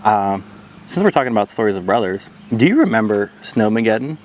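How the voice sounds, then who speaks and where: A young man from western Pennsylvania hosts a casual fireside chat. His pitch swings widely as he laughs and swears with ease. A faint outdoor hum sits under his voice. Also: very animated, a little fast. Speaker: podcast host. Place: outdoors around a campfire at night.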